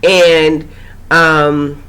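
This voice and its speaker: A woman recapping a TV episode in a casual, rambling way, her voice slightly hoarse after a cold. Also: low-pitched, flat delivery, drawn-out words, fairly bright tone. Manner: chatty, rambling, with frequent fillers and asides. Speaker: TV recap host.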